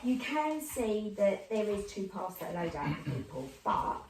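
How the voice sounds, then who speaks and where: A woman's voice: medium pitch, moderate pace. Chatty woman medium in roomy echo. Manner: animated, earthy storyteller. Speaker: clairvoyant medium guest. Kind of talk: casual chat. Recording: roomy, distant mic with faint noise.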